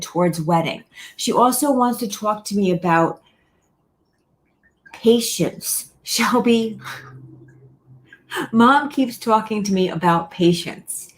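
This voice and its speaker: A woman giving a live online reading as a medium, addressing viewers by name, repeating key words and reassuring them gently. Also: mid-range voice.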